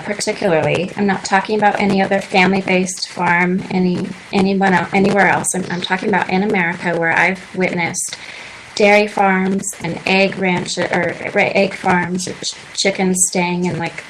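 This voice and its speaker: A woman's voice: mid-range voice, slight background noise, low-quality recording. A woman in her twenties chatting earnestly as a guest on a radio talk show, telling her story at length. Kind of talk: casual interview chat. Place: radio studio.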